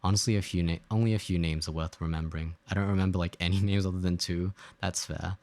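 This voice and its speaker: Low-voiced casual game streamer. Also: male voice, steady tone, quick pace, darkish tone. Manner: rambling, joking, reads chat aloud. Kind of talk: casual gameplay streaming chat.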